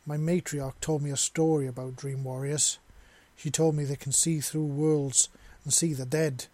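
A man's voice: a little high, little pitch movement, normal speed, warm tone, dry recording, natural voice. A man voicing a proud, fiery young female alien huntress in a storybook reading, raising his voice for her. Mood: curious.

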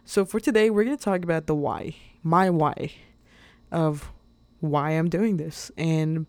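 A woman's voice: sits low, measured pace, darkish tone, dry recording. Chatty woman podcaster, dry close sound. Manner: chatty and rambling, with frequent fillers and laughs; openly emotional and earnest. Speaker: podcast host. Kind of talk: casual solo podcast monologue.

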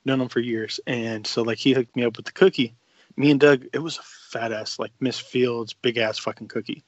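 A man's voice: medium pitch, steady tone, moderate pace, no room sound, dull audio. Laid-back young man telling a profane story. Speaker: podcast co-host. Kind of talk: casual storytelling chat.

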